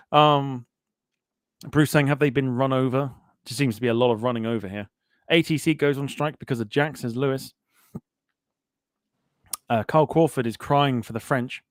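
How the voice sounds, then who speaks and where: Host brief: man, mid pitch, dry close sound, jokey chat reader. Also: normal speed, dry recording. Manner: jokey, laughs often between comments. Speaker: podcast host. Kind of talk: casual chat, reading out live chat comments.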